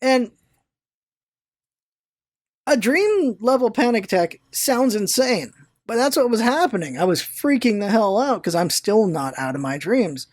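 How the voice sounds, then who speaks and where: A vlogger telling a long personal story in casual, rambling chat, animated, swearing now and then and stumbling over words when excited. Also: mid-range voice, dry recording. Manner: animated storyteller, swears, retells own thoughts aloud; restarts and stammers when excited.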